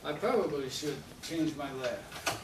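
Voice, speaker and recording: A man giving a humorous prepared speech to a club audience, with a slow, deliberate comic delivery that pauses for laughs. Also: fairly high pitch, animated. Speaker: speaker at a public speaking club. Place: meeting room with a live audience. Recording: echoey room, distant mic, background noise.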